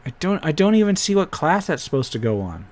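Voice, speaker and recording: A man's voice: on the high side, sing-song, quick pace, a little mellow. A man hosting a casual live stream, thinking aloud as he pages through tabletop game files and drops wry asides. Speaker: host reviewing tabletop game PDFs.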